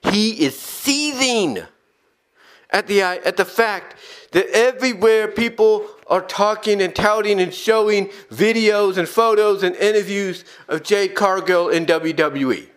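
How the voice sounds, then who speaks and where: A man's voice: high voice, fairly even intonation, unhurried, a bit bright, clear, resonant tone. A man hosting an opinion podcast, talking emphatically and repeating his points for insistence. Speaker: podcast host.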